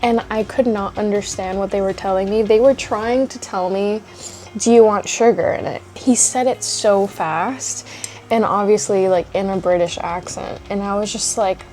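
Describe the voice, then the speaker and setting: A woman's voice: mid-range voice, fairly even intonation, normal speed, darkish tone. A woman in her twenties chatting casually at home in a vlog, rambling with lots of likes and little laughs. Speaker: vlogger.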